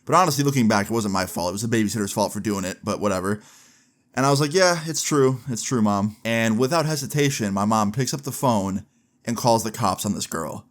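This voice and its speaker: A man's voice: on the low side, quick pace. A young man in a casual storytime vlog, chatty and candid, filling his sentences with "like" and swearing freely. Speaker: vlogger.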